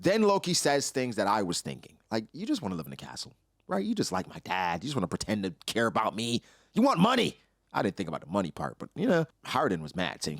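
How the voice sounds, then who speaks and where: A man's voice: on the low side, huge pitch swings, a little fast, no echo, clean studio sound. A young man hosting casual commentary, breaking down a comic chapter and acting out character lines in his own voice. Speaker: anime reaction host.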